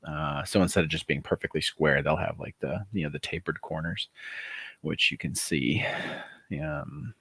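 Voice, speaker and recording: A man casually chatting on a livestream, excited and rambling with fillers, greeting viewers as he talks through his project. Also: a bass voice, moderate pace, breathy edge, no echo. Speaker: author running a crowdfunding livestream.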